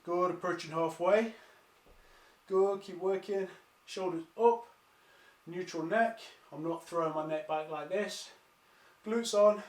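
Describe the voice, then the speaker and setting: Male calisthenics coach, high voice, echoey room at home, upbeat follow-along cues. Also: takes it slowly. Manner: encouraging, counts down reps, trips over words. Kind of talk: follow-along workout instruction. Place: home during lockdown, exercising on the floor.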